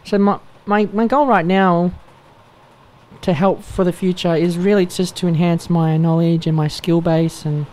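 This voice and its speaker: Guest musician, Australian man, warm mellow tone, reflective and earnest. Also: high voice, fairly even intonation, unhurried. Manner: earnest, reflective, trails off with fillers. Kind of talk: casual interview chat.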